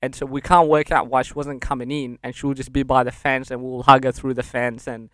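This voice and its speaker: A young man from Sudan, a podcast guest, candidly recounting a hard childhood in casual speech and laughing through dark memories. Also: medium pitch, level tone, brisk, dry recording, clean studio sound. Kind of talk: casual interview storytelling.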